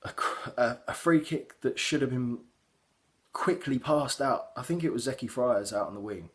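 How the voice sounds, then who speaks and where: A man's voice: mid-range voice, normal speed. A young man gives a casual, sweary, rambling reaction to a football match he watched as a fan. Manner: heavy swearing, animated, rambling with fillers.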